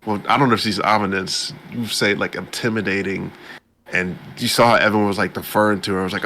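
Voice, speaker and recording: A man co-hosting a podcast, casually retelling an anime episode and jumping into high-pitched voices for the characters. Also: steady tone, fast talker, sharp tone, slight background noise. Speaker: podcast co-host. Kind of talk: casual anime recap chat.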